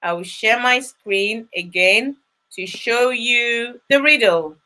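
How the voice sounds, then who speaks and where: A woman's voice: fairly high pitch, takes it slowly, bright, forceful tone. A woman hosting a live children's read-along, chatting with young viewers and coaxing them to answer. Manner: encouraging, coaxing answers from kids.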